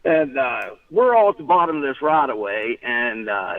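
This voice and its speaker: A man's voice: mid-range voice, lively intonation, normal speed, dry recording, far from the mic. A man calling in to tell a story in casual chat, rambling with restarts and laughing often. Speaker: caller. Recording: tinny phone line.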